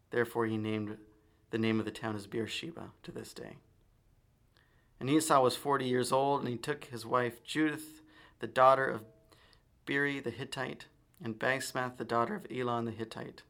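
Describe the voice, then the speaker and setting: A man reading scripture aloud in a measured, solemn manner. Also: mid-range voice, gravelly, a bit bright. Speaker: reader.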